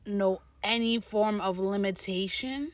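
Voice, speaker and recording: A woman co-hosting a podcast in casual chat, animated and slangy, laughing often. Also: medium pitch, unhurried, dry recording. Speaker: podcast co-host.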